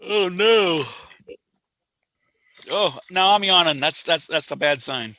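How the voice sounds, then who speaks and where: A man runs an online astronomy viewing session over a call mic, chatting casually and rambling with self-deprecating humor. His voice sits a little high, with lively intonation, and comes out slow, pushed, and bright.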